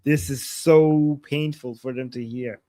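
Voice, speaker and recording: A man's voice: medium pitch, steady tone, a little slow, dark tone, dry recording, clean studio sound. A man co-hosting a political commentary show who reacts with exclamations and chats casually.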